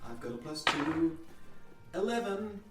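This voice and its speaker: A man playing a tabletop game, speaking gently and self-deprecatingly. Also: mid-range voice, steady tone, fairly quick, over loud music. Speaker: player. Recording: roomy, distant mic with noise.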